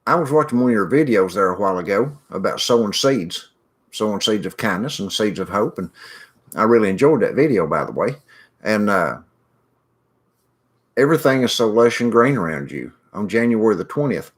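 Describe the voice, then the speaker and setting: A man's voice: fairly low pitch, animated, moderate pace. A middle-aged man hosting a casual livestream, rambling in a folksy way and greeting viewers by name as he reads the chat.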